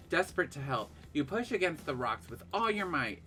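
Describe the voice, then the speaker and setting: A woman gaming streamer reads game text aloud and reacts loudly, laughing and shrieking at each surprise. Her pitch jumps around a lot and her voice is bright and forceful. Game music plays faintly behind. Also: big pitch swings, moderate pace. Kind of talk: let's-play commentary, reading game text aloud.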